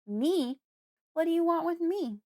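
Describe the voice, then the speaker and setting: A woman voicing a frightened five-year-old girl in an audiobook, pleading and crying out in high, rising lines. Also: moderate pace, lightly acted. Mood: panicked. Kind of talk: audiobook character voice.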